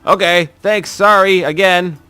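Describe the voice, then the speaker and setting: A man's voice: high voice, steady tone, a little slow, bright, forceful tone, smooth, soft background music, voice pushed up. A man voicing a cheerful, polite young girl explorer in a video game, reading her lines in an earnest, apologetic way.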